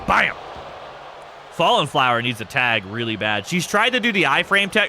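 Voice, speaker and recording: Excitable, bright-voiced male streamer. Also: mid-range voice, normal speed, slight background noise. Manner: excitable, laughing, swearing, shouts during action. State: stuffy nose. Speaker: streamer commentating a wrestling game. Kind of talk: casual livestream commentary.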